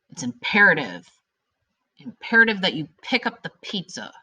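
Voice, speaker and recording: A woman teaching a recorded grammar lesson to her students, animated and emphatic, stretching out key words as she explains. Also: fairly low pitch, normal speed, breathy edge.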